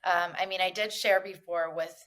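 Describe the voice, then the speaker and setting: A woman's voice: fairly low pitch, fairly even intonation, moderate pace, a bit bright. A woman hosting a casual podcast, telling a story in a chatty way and acting out the dialogue. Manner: chatty storyteller, many likes and quoted dialogue. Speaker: podcast host. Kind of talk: casual chat.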